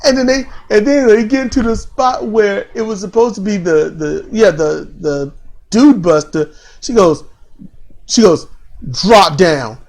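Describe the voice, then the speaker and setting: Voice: medium pitch, unhurried, gravelly, a little mellow. A podcast co-host in casual wrestling commentary chat, telling stories with laughter and mimicking others.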